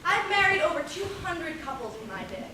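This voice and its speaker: A woman's voice: high voice, big pitch swings, brisk. Woman playing a wry, folksy minister. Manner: dry, musing, reflective. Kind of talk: stage acting. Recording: echoey hall, distant mic, noisy.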